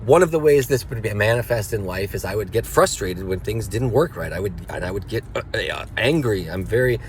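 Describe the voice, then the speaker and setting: Earnest low-voiced man, confessional. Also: expressive, a little fast, a little hiss or hum. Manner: earnest, confessional, rising with emotion. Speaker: father sharing a personal reflection. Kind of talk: unscripted personal monologue. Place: car, after school drop-off.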